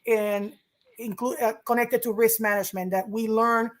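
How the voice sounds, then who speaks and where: Female host, friendly back-and-forth, frequent affirmations, slightly high voice. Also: fairly even intonation, moderate pace. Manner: affirming, asks long questions. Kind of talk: casual interview.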